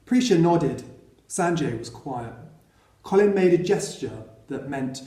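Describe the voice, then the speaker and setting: A man reading a children's novel aloud in a steady storytelling way. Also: a little high, a little slow, reverberant. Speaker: audiobook reader.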